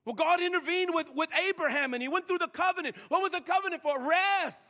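A male pastor preaching a sermon in a church, swinging from loud shouts down to hushed whispers. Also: extremely high pitch, fast talker. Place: church sanctuary. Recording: long reverb of a large hall.

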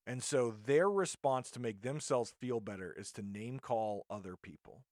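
A man's voice: medium pitch, expressive, normal speed, darkish tone, no echo, clean studio sound. Indignant man ranting on a podcast. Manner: indignant, rambling with frequent restarts. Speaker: podcast host. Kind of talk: podcast monologue rant.

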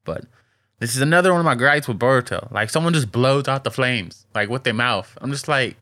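A man's voice: mid-range voice, brisk, sharp tone, no room sound, studio quality. A man co-hosting a casual podcast, recapping anime episodes in slangy, laughing chat full of "like". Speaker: podcast co-host.

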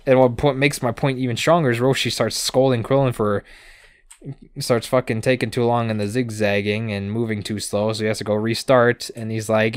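A man co-hosting a podcast, recapping episodes in casual chat with sarcastic asides, casual swearing and quick put-on character lines. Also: medium pitch, flat delivery, clean tone, no echo.

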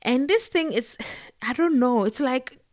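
A woman talking casually to camera as a vlogger, animated and digressive, full of fillers and quick laughs. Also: high voice, no room sound, studio quality. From Africa. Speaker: vlogger and podcaster.

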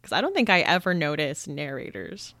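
A woman co-hosting a book podcast, frank in her opinions and quick to laugh. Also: low-pitched, very animated, bright, forceful tone, dry recording. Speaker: podcast co-host. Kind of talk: casual book chat.

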